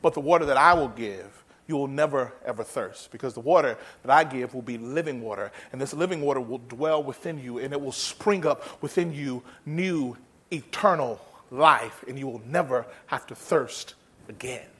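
Guy doing jesus, low slow hushed voice, super calm and solemn. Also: husky.

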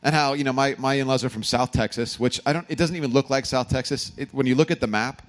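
A man, a pastor from California, preaching a sermon with humorous stories and animated emphasis. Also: mid-range voice, fast talker. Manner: storytelling, joking asides, animated emphasis.

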